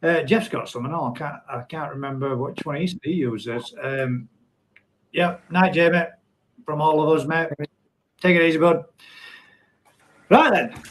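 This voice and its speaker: A man's voice: a little high, measured pace, long pauses, slight background noise, poor audio. A middle-aged man hosting a casual live stream from home, reading viewer comments aloud and laughing often.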